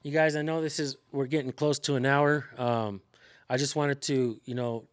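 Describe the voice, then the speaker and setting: A man's voice: medium pitch, fairly even intonation, moderate pace. A man hosting a casual talk, rambling with many fillers and restarts. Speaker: channel host, activist. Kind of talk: casual conversation.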